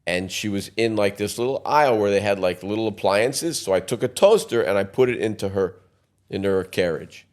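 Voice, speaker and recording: A man's voice: lowish voice, expressive, fairly quick. A man in his sixties, a podcast guest telling long rambling anecdotes in a casual interview. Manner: rambling anecdotes with quoted voices.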